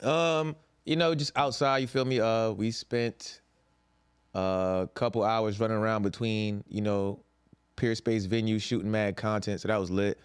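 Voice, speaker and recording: A man with a smooth, clean-toned voice hosts a podcast in a loose, easygoing way. He speaks in casual slang and keeps a steady, unhurried flow. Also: fairly low pitch, dry recording. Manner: relaxed, slangy. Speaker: podcast host. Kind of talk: casual chat.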